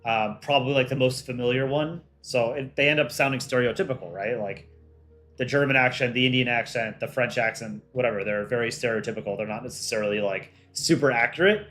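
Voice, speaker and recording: Relaxed male stream host at his desk, chatty and offhand, mid-pitched voice, soft music under him. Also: fairly quick. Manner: relaxed, reads chat aloud and runs polls. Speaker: livestream host and voice actor. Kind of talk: casual livestream chat.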